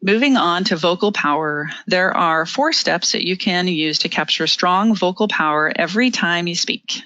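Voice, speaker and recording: A presenter teaching interview skills in a webinar, explaining each step clearly with the odd filler and small laugh. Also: medium pitch, animated, moderate pace, bright, forceful tone, no room sound, dull audio. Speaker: webinar presenter on body language. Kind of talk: instructive presentation.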